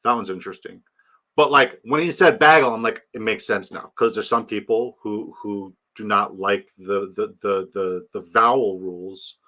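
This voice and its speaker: A man's voice: fairly low pitch, normal speed, pushed and bright. A young man chatting casually on a fantasy football stream, rambling and joking, swearing freely. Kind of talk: casual live-stream chat.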